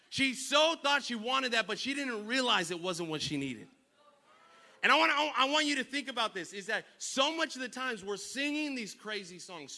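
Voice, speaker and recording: A young adult man preaching a lively sermon in a church, telling playful stories and calling for responses from the congregation, with sudden loud bursts. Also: sits high. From Northern California. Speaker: pastor. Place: church sanctuary.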